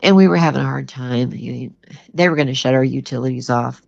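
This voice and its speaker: A woman's voice: very deep voice, brisk, creaky, a little mellow. An older woman telling a personal story as a guest, earnest and plainspoken, with lots of "you know" in her talk. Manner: earnest, plainspoken, conversational with many you-knows. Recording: dull lo-fi sound with faint music.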